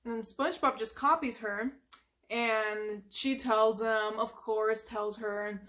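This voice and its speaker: A woman's voice: a little high, fairly even intonation, measured pace, fairly bright tone. A woman casually retelling a cartoon episode from memory, chatty, with lots of "like" and sound effects. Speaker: storyteller.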